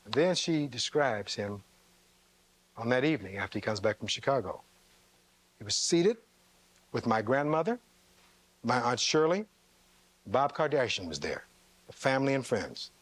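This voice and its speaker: A man portrays a defense lawyer wrapping up his case, reading out testimony and asking the jury rhetorical questions with sharp pitch leaps on key words. His pitch swings widely overall. He speaks at normal speed with frequent pauses.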